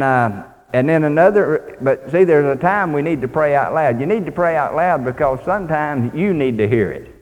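Preacher in a reverberant hall. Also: male voice, fairly high pitch. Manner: folksy, plainspoken preaching, reads scripture aloud. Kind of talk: sermon.

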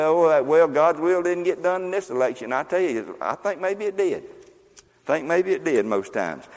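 An older man preaching a sermon as pastor, in a folksy, joking, conversational way. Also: medium pitch. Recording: long reverb of a large hall.

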